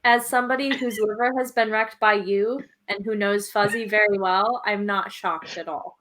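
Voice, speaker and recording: A woman's voice: medium pitch, steady tone, moderate pace, a bit bright. A woman joking and teasing in casual chat.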